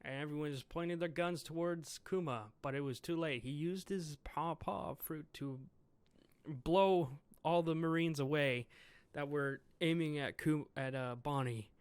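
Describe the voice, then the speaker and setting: A man's voice: on the high side, a little slow, clean tone, no room sound. A man giving a casual solo review of a comic chapter, reading lines aloud and commenting with chuckles. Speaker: manga reviewer.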